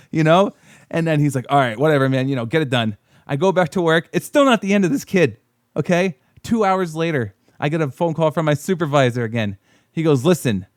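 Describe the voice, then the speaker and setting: A man's voice: mid-range voice, no room sound, studio quality. A man telling a long, rambling story on a podcast, swearing, laughing and acting out the people he quotes. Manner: acts out quoted voices. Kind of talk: casual storytelling. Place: podcast studio.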